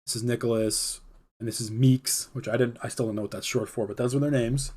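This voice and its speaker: A man recounts a personal story on his live podcast in a relaxed, meandering way. His voice sits at a middle pitch with a mellow, warm color. He leans on filler words and breaks into laughter now and then. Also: fairly quick. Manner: rambling, filler-heavy with frequent laughs. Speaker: podcast host. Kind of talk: casual storytelling.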